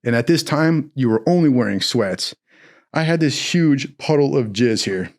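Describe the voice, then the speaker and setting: A man's voice: medium pitch, moderate pace. Profane laughing young man telling stories. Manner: profane, laughing, rambling, animated. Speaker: storyteller. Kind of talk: casual storytelling.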